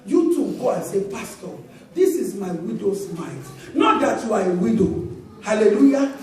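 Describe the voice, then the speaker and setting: A woman's voice: medium pitch, big pitch swings, normal speed, a little mellow. A woman pastor with a Nigerian accent preaching a sermon in a church, telling stories with laughter and emphatic exclamations. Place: church auditorium. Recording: echoey church hall, distant mic.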